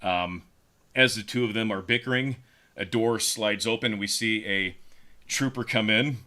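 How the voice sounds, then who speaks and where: A man co-hosting a podcast, pitching a story casually with lots of fillers and repeated words. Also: normal speed, sharp tone. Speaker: podcast co-host.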